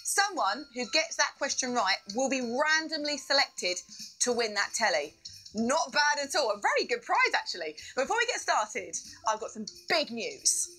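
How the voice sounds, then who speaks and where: A woman's voice: sits high, big pitch swings, moderate pace, sharp tone, faint music behind, rough recording. A woman hosting a live quiz show, bubbly, with playful asides.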